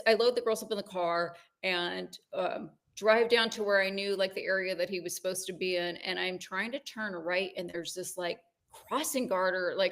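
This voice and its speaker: A woman in her forties, co-hosting a podcast, telling a personal story in casual chat with animated ups and downs. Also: mid-range voice. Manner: animated storytelling, rising when excited. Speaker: podcast co-host.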